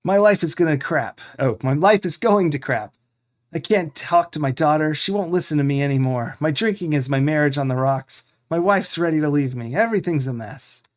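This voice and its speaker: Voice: medium pitch, animated, normal speed, close to an everyday voice. A streamer reading a game's lines aloud in character as a depressed middle-aged father, in a mournful, complaining voice. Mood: despairing. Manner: mournful, self-pitying complaining. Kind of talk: game text read aloud in character.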